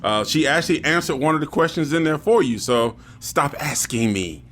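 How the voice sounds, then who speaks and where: A man's voice: on the high side, animated, moderate pace, a bit bright, slight background noise. A man hosting a podcast, chatting casually and reading out show announcements. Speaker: podcast host. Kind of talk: casual chat.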